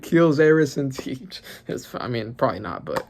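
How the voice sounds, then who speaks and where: A man hosting a casual reaction commentary, excitable and rambling, often exclaiming and swearing as he goes. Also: on the high side, normal speed, creaky, hardly any pauses. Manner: rambling with many fillers. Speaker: manga reaction channel host.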